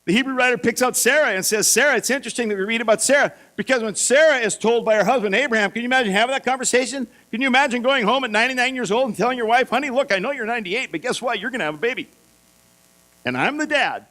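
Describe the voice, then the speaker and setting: A man preaching a sermon, telling Bible stories in a lively way and acting out the voices of the figures. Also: extremely high pitch, very fast. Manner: lively storytelling, acts out voices for biblical figures. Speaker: pastor.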